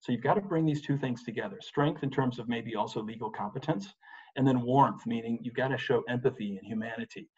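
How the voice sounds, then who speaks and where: Energetic male coach, husky voice. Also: mid-range voice, brisk, highs cut off. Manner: energetic, emphatic, repeats "you've gotta". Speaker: advocacy and presentation coach. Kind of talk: webinar presentation. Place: home office room. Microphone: desk microphone.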